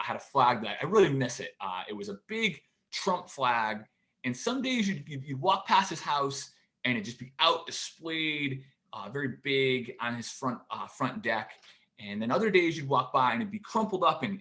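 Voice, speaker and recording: A man in his forties performs stand-up from his home for an online show. He talks in a mid-range voice and delivers his lines in a halting, deadpan way, full of pauses and restarts. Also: medium pitch. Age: 40s. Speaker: stand-up comedian. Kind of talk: stand-up routine.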